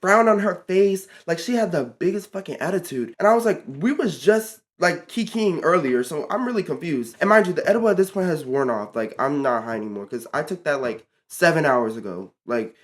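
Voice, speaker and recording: Brief: teen vlogger, casual storytime, filler-heavy, profane, mid-range pitch. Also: expressive, brisk, few pauses. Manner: rambling, full of fillers and swearing.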